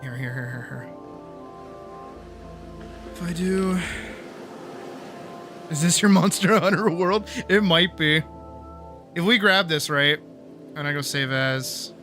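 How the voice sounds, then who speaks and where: A man streaming live, talking casually and getting wildly animated, swearing freely as he demonstrates his art. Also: a little high. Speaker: streamer and artist.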